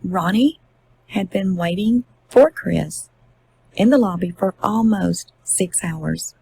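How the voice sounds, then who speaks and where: A woman's voice: medium pitch, gravelly, a little mellow, breathy edge, rough recording. A woman narrating a true-crime book synopsis in plain storytelling style. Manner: plain storytelling, acting out quotes.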